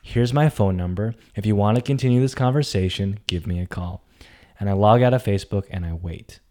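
Casual young guy telling a story, gets loud and excited acting out bits. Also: on the low side, brisk. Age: young adult. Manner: animated, acts out quotes with big loud jumps. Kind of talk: personal storytelling.

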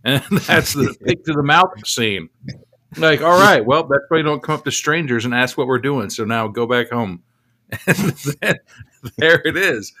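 A man's voice: medium pitch, expressive, bright, forceful tone. A man in a mid-range voice bantering as a podcast co-host. He jokes around, swears freely, and slips into little acted-out bits. His delivery is loose and conversational. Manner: joking, profane, quick to act out bits.

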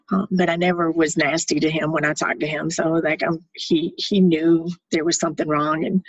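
A woman's voice: sits low, husky, no room sound, highs cut off. A middle-aged woman giving candid, plain-spoken personal testimony. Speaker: storyteller.

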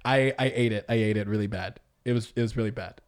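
A man's voice: fairly low pitch, quick pace. A man hosting a casual podcast chat, joking and acting out quotes. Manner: animated, jokey, acts out quotes. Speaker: podcast host.

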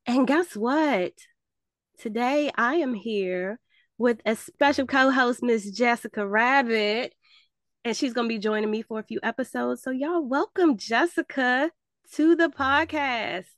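A woman's voice: on the high side, a little slow, a bit bright, dry recording. Woman hosting a podcast, bit stuffy, chatty, dry close sound. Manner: chatty, addresses listeners as y'all. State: stuffy nose. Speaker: podcast host. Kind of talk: casual podcast chat.

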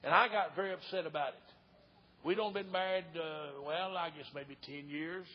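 An older man preaching an old-time revival sermon as an evangelist, fervent and folksy, sometimes shouting and hollering. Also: a little high, moderate pace, a little hiss or hum. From Tennessee. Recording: dull old recording with long hall reverb.

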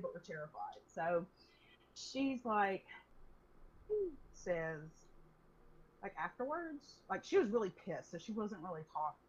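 A young woman casually telling an animated story to a friend, swearing freely. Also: mid-range voice, slightly rough. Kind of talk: casual chat. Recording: dull lo-fi recording.

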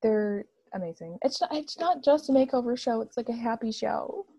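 A woman's voice: a little high, animated, normal speed, dark tone, breathy edge. A woman chatting casually and gushing enthusiastically, with lots of "like" fillers. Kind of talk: casual chat.

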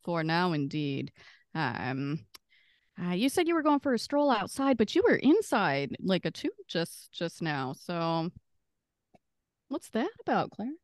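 A woman's voice: lowish voice, very animated, a little slow, no room sound, studio quality. A woman player in a tabletop game, chatty and playful. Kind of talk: casual play chat.

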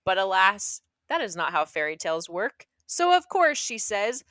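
Bright, lively young woman reading aloud. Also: mid-range voice, moderate pace, dry recording. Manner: playful, breaks into laughter and sarcastic comments. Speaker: podcast co-host reading a fairy tale. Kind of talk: reading a story aloud with joking asides.

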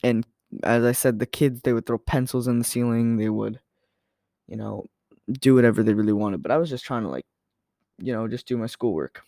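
A man's voice: mid-range voice, fairly quick, gravelly, mellow, dry recording. Young male podcaster, rambling casual storyteller, dry recording. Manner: rambling, filler-heavy, self-correcting. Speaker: podcast host.

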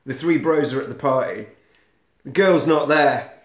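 A man's voice: medium pitch, normal speed, a loud crowd. A man co-hosting a podcast, casually retelling a film plot with playful asides. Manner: storytelling, breaks into silly voices. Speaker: podcast co-host. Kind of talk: casual chat recapping a film. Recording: roomy echo.

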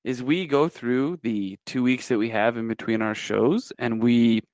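A man's voice: medium pitch, unhurried, darkish tone, no room sound, clean studio sound. A man co-hosting a casual podcast, explaining things in a jokey, rambling way. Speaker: podcast co-host.

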